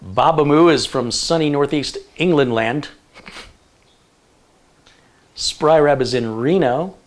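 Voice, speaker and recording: A man's voice: fairly high pitch, slow pace. A middle-aged man hosting a tech livestream, reading out where viewers are from and tossing in jokey asides. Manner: chatty, jokey asides while reading a list. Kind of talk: casual livestream chat, reading viewer locations.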